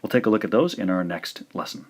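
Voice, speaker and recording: Low-pitched male language teacher, patient and methodical, repeats each example word for practice. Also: expressive. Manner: slow, careful demonstrations with repeated words. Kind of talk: scripted lesson narration.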